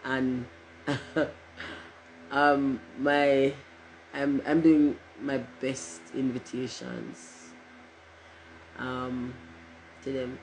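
A woman's voice: rumbling low, little pitch movement, drawn-out words, pauses often, darkish tone, a little hiss or hum, low-quality recording. A middle-aged woman, chatting casually on a livestream in a rambling, joking way and cursing freely. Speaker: livestream host.

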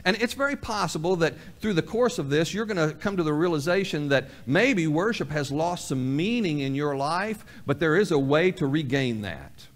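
A man's voice: fairly high pitch, animated, moderate pace, hardly any pauses. A male pastor delivering a sermon in a folksy way, repeating key phrases for emphasis and acting out imagined conversations. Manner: acts out both sides of imagined dialogues. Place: church sanctuary.

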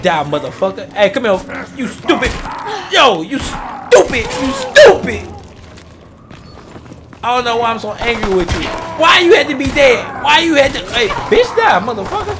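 A man giving casual gameplay commentary as a gaming channel host, loud, profane and jokey, talking trash to the enemies. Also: extremely high pitch, big pitch swings, fairly quick, hardly any pauses. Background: game music and gunfire.

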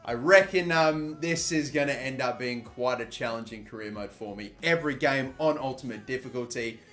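A young Australian man giving live, excitable commentary on a football video game, swearing often and shouting at big moments. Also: medium pitch, moderate pace, soft background music. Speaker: gaming YouTuber.

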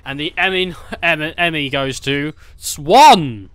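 Bright, giggly man telling a story. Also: a little high, unhurried, hardly any pauses, no room sound. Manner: swearing, laughing, acting out silly voices. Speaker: gaming streamer. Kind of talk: rambling comic storytelling while gaming.

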